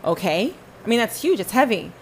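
A woman's voice: mid-range voice, very animated, brisk, slight background noise, low-quality recording. Fervent woman repeating herself for emphasis. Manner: talks to listeners and to God in turn. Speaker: podcast host. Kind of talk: casual spoken testimony.

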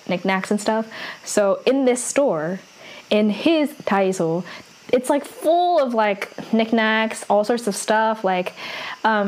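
A woman's voice: medium pitch, poor audio. A young woman casually retelling a drama's plot, filling her sentences with "like" and "um". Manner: chatty, fills every pause with "like" and "um". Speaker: drama recapper. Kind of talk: casual story recap.

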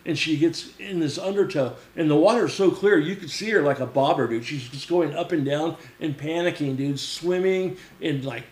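Profane storytelling man, slightly high voice. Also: moderate pace, few pauses. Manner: profane, animated, acts out quoted voices. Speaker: podcast guest, former mechanic. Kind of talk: casual storytelling. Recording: roomy echo.

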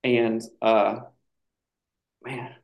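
A man's voice: medium pitch, little pitch movement, very slow, gravelly, darkish tone. A man telling a personal story in casual chat, reflective and emotional at times. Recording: echoey room.

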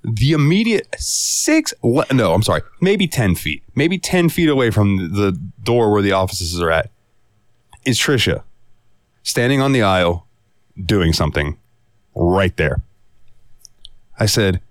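A man's voice: on the low side, expressive, normal speed, dry recording, clean studio sound. A young man co-hosting a podcast, telling a story in a profane, exasperated way and acting out the quotes. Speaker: podcast co-host. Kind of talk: casual storytelling chat.

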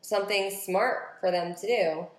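A woman's voice: mid-range voice, measured pace. A woman in casual chat, listening and responding with short, surprised questions. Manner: reacts with short surprised remarks. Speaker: interviewer listening. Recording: roomy echo.

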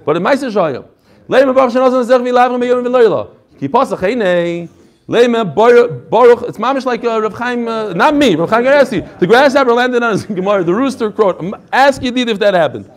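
A man's voice: extremely high pitch, expressive, fairly quick. A male Torah teacher giving a classroom lecture, reading each phrase and then explaining it with energy, adding chatty asides and jokes.

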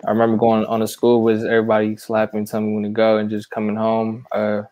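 A young man from San Francisco reminiscing in a relaxed, casual chat. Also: lowish voice, fast talker, no room sound.

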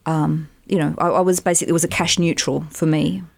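Chatty woman with a creaky voice. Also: low-pitched, fast talker, no echo. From Australia. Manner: animated, chatty, rambling anecdotes with many asides. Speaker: actress and voiceover artist, interview guest. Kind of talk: casual interview storytelling.

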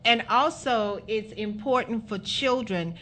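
Bright-voiced woman talk show host. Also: fairly high pitch, a little slow, slight background noise. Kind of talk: casual interview chat.

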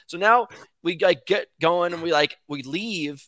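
A man's voice: high voice, measured pace, a bit bright, no room sound. A man who works as a lumberjack, a guest on a podcast, telling a rambling story in casual chat, acting out quotes and saying "like" often.

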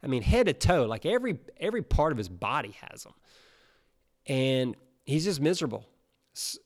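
A man preaching a sermon, retelling a Bible story in a casual, animated way. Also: medium pitch. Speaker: pastor.

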